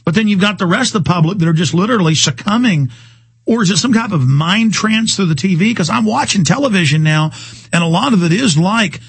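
A man hosting a talk radio show, ranting in a rambling, heated way. His voice sits a little high and has a husky edge. The sound is close and dry, with no room around it. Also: animated, a little fast, no room sound.

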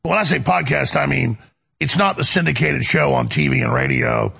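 A man's voice: medium pitch, a little fast, pushed and bright. A man hosting a talk show, delivering a heated, rambling monologue with emphatic repetition, from the United States. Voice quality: gravelly, raspy. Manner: emphatic, rambling, repeats words.

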